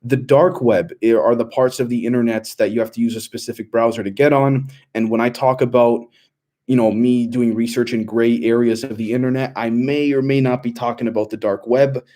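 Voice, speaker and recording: Mellow-voiced man chatting on a livestream. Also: mid-range voice, fairly even intonation, a little fast. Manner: loose and rambling, many fillers and restarts. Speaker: livestream host reading chat questions. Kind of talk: casual livestream chat.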